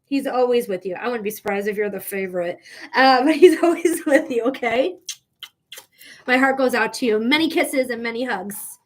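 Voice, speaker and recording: A woman giving a live-streamed psychic reading, talking in a chatty, emotional way with lots of "like" and quick laughs. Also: on the high side, lively intonation. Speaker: psychic reader.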